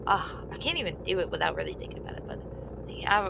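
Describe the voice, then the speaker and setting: Gravelly, animated streamer woman. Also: medium pitch, fairly quick, very noisy. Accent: Atlantic Canadian. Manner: chatty, swears freely, bursts into excited shouts. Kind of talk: casual gameplay chat. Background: loud game music.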